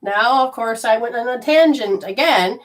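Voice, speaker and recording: A woman telling a personal story in a casual, animated way, swearing freely and acting out her own panic. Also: a little high, moderate pace.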